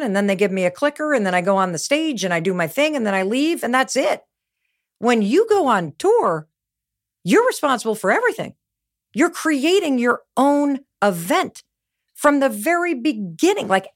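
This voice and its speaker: A middle-aged woman giving a motivational talk, telling stories with energy and emphasis. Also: fairly high pitch. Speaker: motivational speaker.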